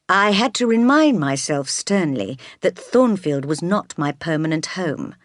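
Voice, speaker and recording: A woman reads a classic novel aloud in a calm, measured way, pitched a little low. The sound is close and dry, with no room around it. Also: dry recording. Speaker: narrator. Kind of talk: scripted audiobook narration.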